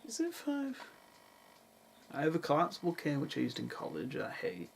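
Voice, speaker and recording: Gravelly young man vlogging. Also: fairly high pitch, huge pitch swings, normal speed, a little hiss or hum, poor audio. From England. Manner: dry, self-mocking asides. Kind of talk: casual vlog chat. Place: parents' house in the countryside, with cats.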